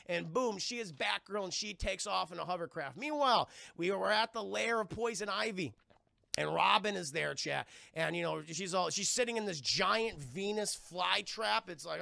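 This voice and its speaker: A man hosting a casual live-stream film review, talking to his chat and swearing freely as he acts out scenes. His voice is high and bright with a gravelly edge, recorded dry and close. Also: moderate pace, no room sound. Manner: animated and profane, with mocking retellings.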